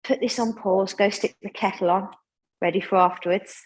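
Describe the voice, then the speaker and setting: Lady yoga teacher, breathy airy voice, gentle and chatty while she talks you through the moves. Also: medium pitch, fairly even intonation, moderate pace, low-quality recording. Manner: gentle, chatty instruction with asides. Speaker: yoga instructor. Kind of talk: guided yoga class.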